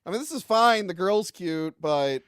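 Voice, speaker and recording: A man's voice: high-pitched, expressive, normal speed, background noise. A man chatting casually about movies on a podcast, joking, laughing often and acting out quotes. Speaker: guest film reviewer.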